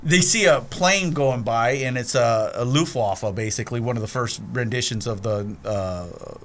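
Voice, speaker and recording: Animated man retelling movie scenes. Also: mid-range voice, normal speed, slight background noise. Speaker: podcast co-host. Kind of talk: casual chat.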